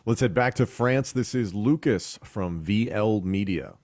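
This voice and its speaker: A man moderating a press call, brisk and light as he hands over to callers. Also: on the low side, darkish tone, dry recording, studio quality. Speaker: host, moderator.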